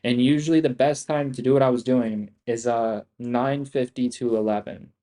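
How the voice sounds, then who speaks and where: A young man hosting a live trading stream, ranting casually with heavy profanity and slang, excitable and rambling. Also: medium pitch, moderate pace. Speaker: livestream trading host.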